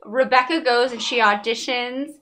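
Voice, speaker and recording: Woman in her 30s chatting tv shows, high bright voice, gushy and animated, keeps acting out the characters. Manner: animated, gushing, quick to act out characters' lines. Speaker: co-host of a TV talk podcast. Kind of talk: casual chat reviewing TV shows.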